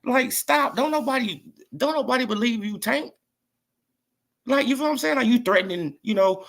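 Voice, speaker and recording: Animated gravelly man ranting casually. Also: extremely high pitch, normal speed. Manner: animated, repetitive "right?" and "you feel what I'm saying", mocking. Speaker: boxing commentator vlogger. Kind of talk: casual opinion rant.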